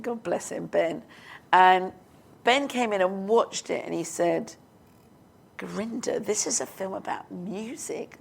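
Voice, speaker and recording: A British film director in her fifties tells animated anecdotes in a live interview onstage before an audience, acting out quotes and laughing. Her voice is medium-pitched and gravelly.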